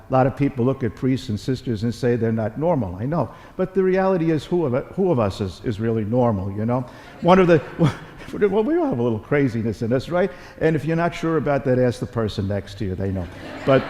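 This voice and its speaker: Speaking in a warm, mid-range voice, a middle-aged Catholic bishop gives a chatty homily at Mass, telling folksy stories, repeating phrases, and poking fun at himself. The large church lends the recording a long reverb.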